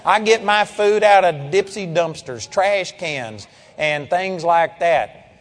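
A man voicing a surly drifter who brags of dark powers, boastful and sneering. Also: sits high, takes it slowly, long reverb tail.

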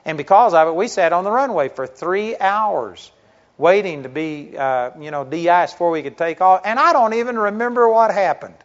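A man's voice: sits high, normal speed. A middle-aged man preaching a sermon to a congregation, talking conversationally, asking rhetorical questions and telling stories. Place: church. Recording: dull lo-fi sermon recording.

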